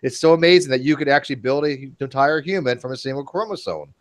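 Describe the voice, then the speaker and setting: A man chatting casually in an online commentary show, joking and animated. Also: fast, dry recording. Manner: animated, joking, swings in pitch.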